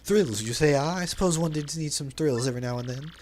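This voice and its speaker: A man's voice: fairly high pitch, fast talker, darkish tone, a little hiss or hum, natural voice. Man hamming up Flavio, a pompous trader. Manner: grandiose, theatrical, overly formal phrasing. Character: flamboyant dramatic male trader-sailor, pompous and greedy. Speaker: let's play dubber.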